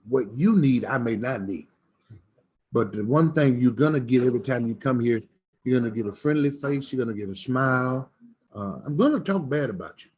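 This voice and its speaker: A middle-aged man tells stories from his smokehouse in a folksy, preacherly manner. His voice is husky and sits at an ordinary pitch for a man. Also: a little mellow. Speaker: smokehouse owner. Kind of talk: storytelling chat.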